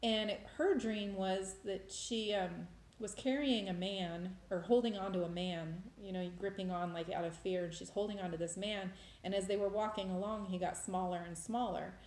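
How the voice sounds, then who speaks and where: Woman vlogger, mid pitch, emotional and rambling, recorded in an echoey room. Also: steady tone, moderate pace, few pauses, a little mellow. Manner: emotional, rambling with many restarts. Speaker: vlogger sharing faith experiences. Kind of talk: casual testimony monologue. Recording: roomy echo.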